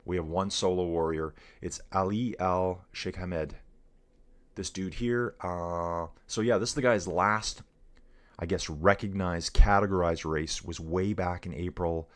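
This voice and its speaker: A middle-aged man giving casual live commentary on a bike race, chatty and energetic, calling his viewers dudes and guys. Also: low voice, unhurried.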